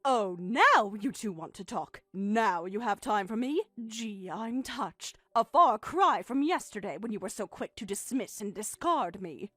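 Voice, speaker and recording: A woman's voice: mid-range voice, lively intonation, measured pace, hardly any pauses, fairly bright tone, dry recording, clean studio sound. Synthetic female voice as a bitter, wounded mother. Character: hurt, bitter middle-aged mother and wife. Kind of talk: text-message story narration.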